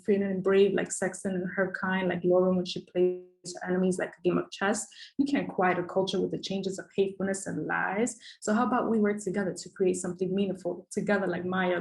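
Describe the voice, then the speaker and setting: A woman's voice: fairly low pitch, flat delivery, a little fast, creaky, poor audio. A woman performing a rhythmic, emphatic spoken word poem with a repeated refrain. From the Bronx, New York.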